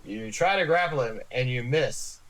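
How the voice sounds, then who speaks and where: A game master paints a storm and its aftermath in a lively, rising-and-falling voice, leaning into the drama. He steers players from roll to roll at an ordinary middle pitch, with faint noise in the background. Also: normal speed. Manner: dramatic scene-setting narration. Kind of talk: narrating a tabletop game.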